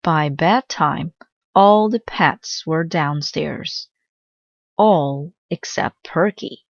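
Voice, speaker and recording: Gentle storybook narrator, woman; low-ish, slightly dull recording. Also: very slow, creaky, dry recording. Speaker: children's book reader. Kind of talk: storybook read-aloud.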